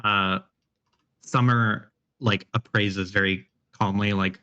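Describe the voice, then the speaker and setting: A man running a tabletop horror game as game master, describing scenes in a relaxed way with many fillers. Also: fairly low pitch, unhurried, muffled recording.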